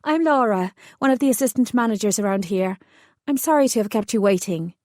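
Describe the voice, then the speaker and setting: A brisk, businesslike fairy manager with a faint Irish lilt, as a woman narrator puts her on. She sounds warm and reassuring, and the read is dry and close. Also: medium pitch, expressive, dry recording, close to an everyday voice.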